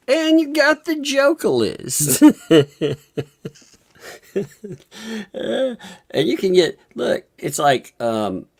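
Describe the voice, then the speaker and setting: Very deep-voiced, gravelly woman streamer. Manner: amused, mocking, laughing often. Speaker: livestream host. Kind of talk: casual livestream gossip commentary.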